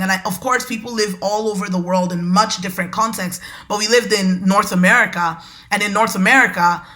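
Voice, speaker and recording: A woman hosting a podcast, telling a personal story in a lively, conversational way and talking straight to her listeners. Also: mid-range voice. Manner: animated, conversational, addresses listeners as y'all. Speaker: podcast host.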